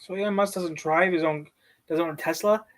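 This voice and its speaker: A woman's voice: fairly low pitch, fairly quick. A woman vlogging at home, rambling and thinking aloud while talking to herself and her cat. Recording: distant mic with faint noise.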